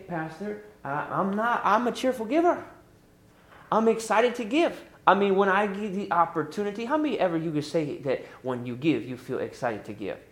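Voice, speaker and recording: A middle-aged man preaching a sermon as pastor, lively and emphatic, pushing up into high exclamations. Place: church sanctuary. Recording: echoey church room.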